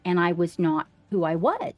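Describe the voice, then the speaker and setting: Earnest low-voiced woman. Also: moderate pace, dry recording, muffled recording, soft background music. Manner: earnest, speaks directly to viewers. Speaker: livestream guest sharing her story. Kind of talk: casual livestream talk.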